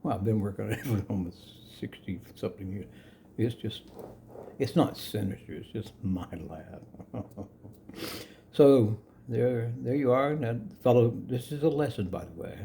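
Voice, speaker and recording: Older man, gravelly and chuckling. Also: on the low side, a little slow, dark tone, a little hiss or hum. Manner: rambling, chuckling often, self-correcting. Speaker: yoga teacher. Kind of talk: casual spoken lesson.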